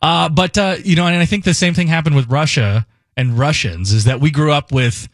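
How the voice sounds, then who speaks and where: A man's voice: on the high side, a little fast, no echo, studio quality. A man filling in as a radio host, chatting casually in a rambling, joking way and correcting himself as he goes. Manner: rambling, self-correcting, jokey. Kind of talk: casual talk radio chat. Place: radio studio. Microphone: studio microphone.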